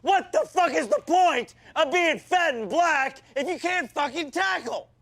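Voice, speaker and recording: A foul-mouthed football coach hollers insults at his players in a comedy rant. His voice sits extremely high and turns gravelly as he shouts without letup. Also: lively intonation, measured pace, exaggerated voice. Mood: yelling, berating. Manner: shouting, profane, berating.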